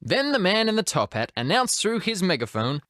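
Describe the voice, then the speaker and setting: Lively storybook narrator. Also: medium pitch, fairly quick. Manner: lively, expressive.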